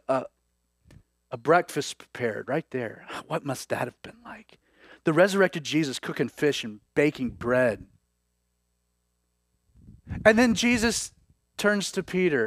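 Guy preaching, pretty high voice, dry close sound, gets big and dramatic then goes quiet. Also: no room sound. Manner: dramatic preaching, voices scripture figures with rising intensity. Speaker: pastor. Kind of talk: sermon.

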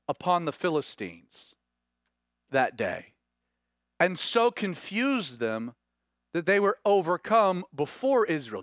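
A Southern-accented man preaches with a notably high voice, dropping to hushed, drawn-out stresses and then climbing into urgent, animated stretches. The sound is close and dry, with no room around it. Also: no room sound. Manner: dramatic, swings between hushed and rising urgency. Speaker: pastor. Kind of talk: sermon.

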